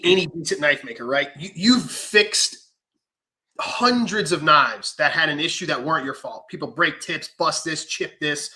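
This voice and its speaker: Animated, bright-voiced man telling stories. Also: a little high, rough recording. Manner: animated storytelling with profanity and acted-out quotes. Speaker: knife maker. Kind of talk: casual podcast chat.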